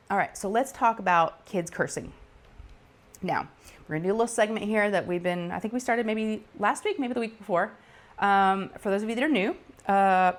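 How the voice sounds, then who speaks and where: Animated woman telling a story. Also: medium pitch. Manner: animated, laughing, acts out quoted voices. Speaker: diamond painting channel host. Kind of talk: casual chatty storytelling. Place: home craft table.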